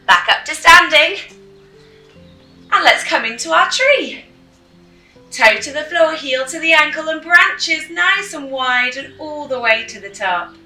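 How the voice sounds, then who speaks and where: A woman leading a children's yoga class through a story, with gentle, encouraging instructions. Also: high-pitched, expressive, unhurried. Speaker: kids yoga teacher. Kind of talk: guided kids yoga with storytelling. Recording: roomy, mic at a distance, soft music.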